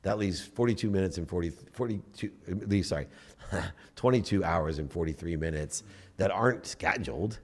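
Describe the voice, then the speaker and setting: Deep-voiced middle-aged man, animated guest. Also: moderate pace, slightly rough. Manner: animated, acts out his inner voice with swearing. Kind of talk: casual interview talk.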